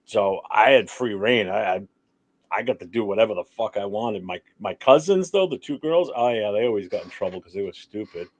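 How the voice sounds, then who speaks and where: A man's voice: fairly low pitch, brisk. A middle-aged man hosting a livestream talk show, telling childhood stories in a loose, laughing, profane way. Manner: laughing, profane, animated storytelling. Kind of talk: casual chat, storytelling.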